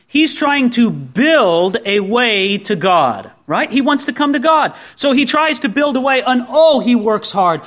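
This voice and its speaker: A man preaching a sermon as pastor, telling the story with lively acted-out voices and asking the listeners direct questions. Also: extremely high pitch, unhurried, hardly any pauses.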